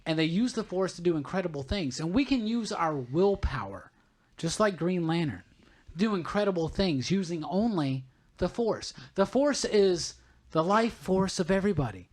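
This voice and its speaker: Podcast guy, super animated, bit preachy, voice swings all over. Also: high-pitched, moderate pace. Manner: animated, preachy when explaining ideas. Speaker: podcast co-host. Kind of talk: casual podcast chat.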